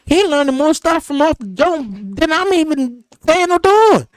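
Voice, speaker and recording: High-voiced animated podcast host man. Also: unhurried, dry recording. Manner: animated storyteller, acts out his son's lines. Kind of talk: casual podcast chat. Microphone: podcast studio mic.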